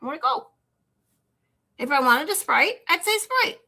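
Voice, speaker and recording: A woman with a Michigan accent, hosting a livestream and chatting casually with her viewers, animated and rambling, often incredulous. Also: high-pitched, normal speed. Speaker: livestream host. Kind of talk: casual chat with live chat. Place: home in Texas.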